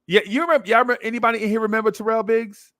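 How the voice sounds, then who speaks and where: A man's voice: high voice, steady tone, rapid-fire, sharp tone, dry recording, clean studio sound. A man telling a story in casual chat, acting out voices and laughing often as he goes. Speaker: podcast co-host telling a story.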